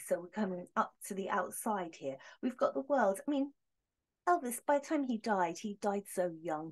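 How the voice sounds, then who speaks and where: A woman giving a casual tarot reading to camera, talking in a hesitant, rambling way with many pauses. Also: medium pitch, darkish tone. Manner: hesitant, rambling, with frequent fillers. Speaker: tarot reader.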